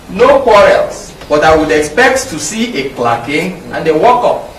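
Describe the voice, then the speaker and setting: A man's voice: a little high, very animated, measured pace, a bit bright. A middle-aged man with a Nigerian English accent, giving an emphatic, anecdote-filled medical lecture. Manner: emphatic, repetitive, anecdotal teaching. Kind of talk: public lecture. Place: lecture hall. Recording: echoey hall, mic from far off, faint background noise.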